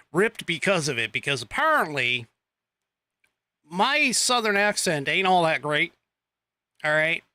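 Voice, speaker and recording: Guy hosting a political podcast, kinda high voice, rambly w/ lots of ums and sarcasm. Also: very animated, pushed and bright, no room sound. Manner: rambling, halting with many fillers and restarts, sarcastic asides. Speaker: podcast host. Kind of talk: political commentary monologue.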